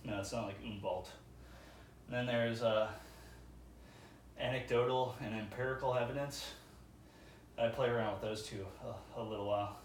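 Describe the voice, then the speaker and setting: A man's voice: medium pitch, steady tone, normal speed, pauses often, a little hiss or hum. A man talking casually to the camera during a gym workout, musing aloud between sets. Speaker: vlogger. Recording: echoey gym, far from mic.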